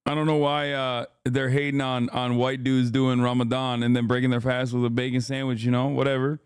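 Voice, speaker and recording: A man's voice: medium pitch, little pitch movement, a little fast, smooth, no room sound, studio quality. A man streaming live, reacting to short videos with loose, laughing, incredulous commentary.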